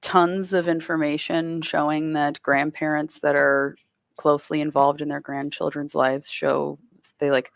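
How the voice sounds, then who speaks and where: A woman chatting casually with family, making quick remarks with lots of "like" fillers. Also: low-pitched, flat delivery, creaky, no echo. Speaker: mother, family member.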